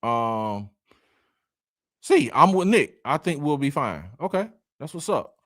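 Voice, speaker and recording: Animated man hosting a livestream. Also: on the high side, takes it slowly, no room sound, studio quality. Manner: lively, laughing, Southern slang like y'all and man. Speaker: live stream host reading comments. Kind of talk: casual sports talk livestream.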